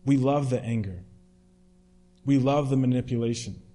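A man's voice: medium pitch, moderate pace, warm tone. A man preaching a sermon in a conversational way, retelling a story with restarts and fillers.

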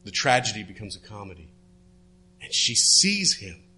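A man preaching a sermon, retelling a story and dropping his voice low and soft for the quoted words. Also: very animated, normal speed, slightly rough. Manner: storytelling, drops to hushed tones for quoted words.

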